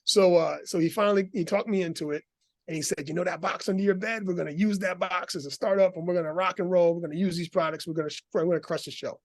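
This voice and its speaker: Animated middle-aged man telling a story, dry sound. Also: high voice, quick pace, no echo. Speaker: guest. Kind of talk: casual interview storytelling.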